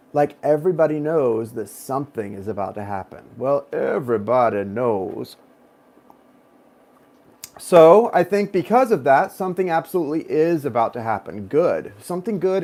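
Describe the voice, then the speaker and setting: A man's voice: a little high, a little mellow. A man in his thirties, a tarot reader, talking casually and at length to his viewers, drifting off on personal tangents and addressing them directly. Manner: rambling, digressive, talks straight to viewers. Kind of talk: casual chatty reading to viewers.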